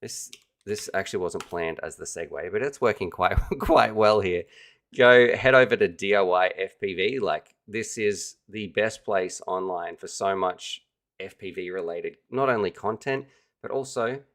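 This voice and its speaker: Low-voiced man hosting a livestream. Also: moderate pace, a bit bright. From Australia. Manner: enthusiastic, chatty, addresses viewers directly. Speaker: livestream host. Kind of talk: casual livestream chat.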